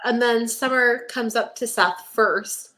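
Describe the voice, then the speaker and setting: A woman's voice: a little high, fairly even intonation, a little slow, pushed and bright. A young woman co-hosting a podcast, chatting casually and animatedly about a TV episode, saying "like" a lot and laughing often. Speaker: podcast co-host. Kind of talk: casual chat recapping a TV episode.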